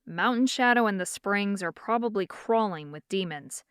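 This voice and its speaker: A woman narrator voicing a condescending, stern young man who hunts demons, speaking low and curt in an audiobook. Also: lively intonation, moderate pace, clean tone, no echo, clean studio sound, lightly acted. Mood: scornful. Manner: curt, scornful.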